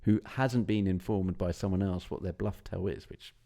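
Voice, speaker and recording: A man co-hosting a casual podcast chat about a film, animated and given to acting out lines. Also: deep voice, moderate pace. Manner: animated, acts out quotes in put-on voices. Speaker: podcast co-host.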